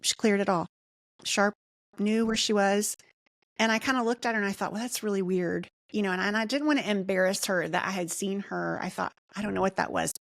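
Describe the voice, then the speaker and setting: A woman's voice: medium pitch, fairly even intonation, fairly quick, vocal fry, no room sound, clean studio sound. A middle-aged woman, a nurse anesthetist, giving earnest personal testimony in an interview and reenacting her own thoughts as she tells it. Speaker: podcast guest, nurse anesthetist.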